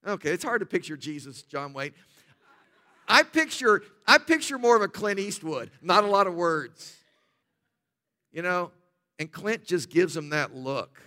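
A man's voice: a little high, expressive, moderate pace, bright, forceful tone. A man preaching a sermon, telling stories emphatically with humorous asides.

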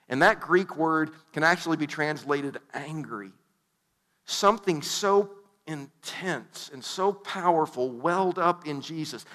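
A male pastor delivering a sermon, his voice a little high and strikingly bright. He reads scripture aloud and breaks into casual, joking asides. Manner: conversational, with humorous asides.

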